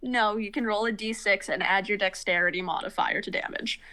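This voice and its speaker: A woman narrating as game master in a casual tabletop session, laughing easily and pausing with fillers while she checks rules. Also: medium pitch, steady tone, pushed and bright, poor audio.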